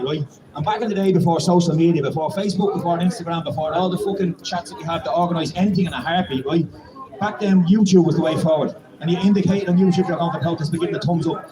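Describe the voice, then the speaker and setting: An Irish man making a profane, impassioned street speech at a protest, rising to shouts. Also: fairly high pitch, fast. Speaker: protest speaker. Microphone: public microphone and PA. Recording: echoey, distant from the mic, loud crowd. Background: crowd.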